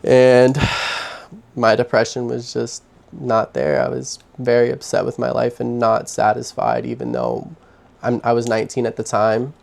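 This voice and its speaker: Gravelly young man opening up. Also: medium pitch, level tone, a little mellow. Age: young adult. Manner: candid, halting, heavy sighs. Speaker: vlogger. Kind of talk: personal confessional story. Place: his own home, indoors.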